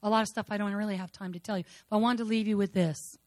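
A woman shares her testimony with a congregation in a fervent, repeating cadence. Her voice climbs into loud declarations, then drops to near-murmurs. The sound is dry and close, with no room echo. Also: medium pitch, fairly even intonation, very fast. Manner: fervent, repetitive, swings between loud declarations and hushed murmurs. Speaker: speaker sharing a personal testimony. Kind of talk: emotional church testimony.

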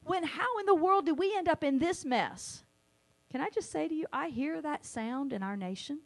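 A woman preaching a sermon, animated, sometimes acting out the voices she quotes. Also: sits high, moderate pace.

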